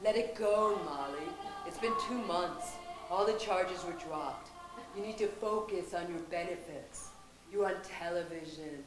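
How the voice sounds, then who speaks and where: A woman playing a calm, blunt New Age male friend who teases and coaches, in a stage comedy. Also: on the low side, measured pace, reverberant, over music, lightly acted, low-quality recording. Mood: teasing. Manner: soothing, wry, blunt.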